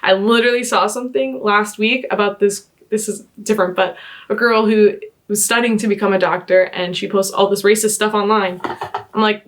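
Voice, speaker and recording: A young woman vlogger reading posts aloud and reacting in an exasperated, animated way, full of "like" fillers. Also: mid-range voice, a little fast.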